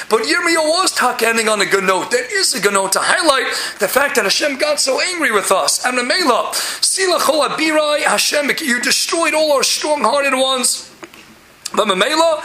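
A man's voice: very high-pitched, sharp tone, reverberant, slight background noise. A man giving an impassioned Torah lecture, rising to exclamations and using many Hebrew terms. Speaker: Torah teacher.

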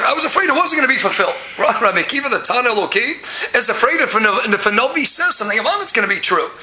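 A man giving a Talmud class in an animated way, often rising into loud emphasis. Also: extremely high pitch, roomy sound, low-quality recording. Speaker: Torah teacher.

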